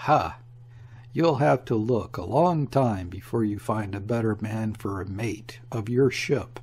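A man voicing a gruff, overbearing ship's mate who speaks curtly and defiantly, in a storybook reading. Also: fairly low pitch, unhurried, a little mellow. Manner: curt and defiant.

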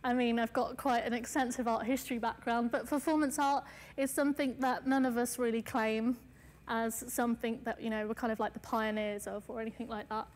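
Chatty woman artist lecturing, slightly high voice. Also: level tone, fairly quick, long reverb tail. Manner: chatty, many fillers, laughs at herself. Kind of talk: casual lecture talk.

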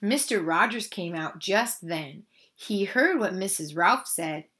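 A woman reading a children's picture book aloud, animated and expressive, speaking to young listeners. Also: medium pitch, a little slow. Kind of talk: children's read-aloud narration.

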